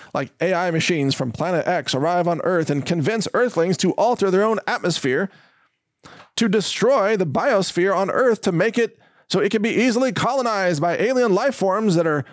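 A man's voice: high-pitched, no echo. Indignant man ranting on a dry mic. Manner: emphatic, indignant, mocking. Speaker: host. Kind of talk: ranting monologue.

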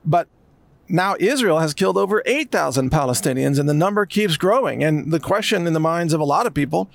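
A man's voice: a little high, lively intonation, a little fast, creaky. A man delivering an emphatic, sarcastic commentary monologue. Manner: emphatic, sarcastic, mocks others in put-on voices. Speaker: political commentator.

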